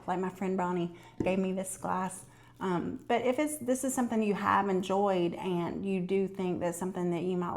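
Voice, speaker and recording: A woman in her fifties vlogging to camera, chatting casually and telling stories with lots of fillers. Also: lowish voice. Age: 50s. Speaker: lifestyle vlogger.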